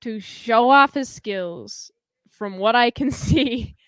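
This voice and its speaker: A woman co-hosting a podcast, chatting casually about a movie and acting out scenes in quick quoted voices. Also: fairly high pitch, a bit bright, clear, resonant tone, no echo, studio quality. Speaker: podcast co-host.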